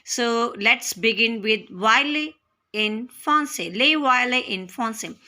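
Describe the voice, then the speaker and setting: A woman tutor with an Indian English accent, teaching a slow, careful language lesson. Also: a little high, lively intonation, pushed and bright.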